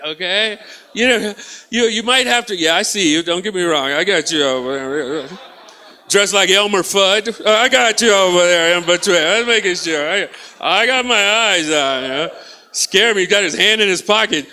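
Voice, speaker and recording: A man's voice: high voice, moderate pace. A man performing a stand-up comedy set in a theatre, telling stories with acted-out dialogue and bantering with the crowd. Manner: animated storytelling, acts out both sides of dialogues, banters with the crowd. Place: theatre stage.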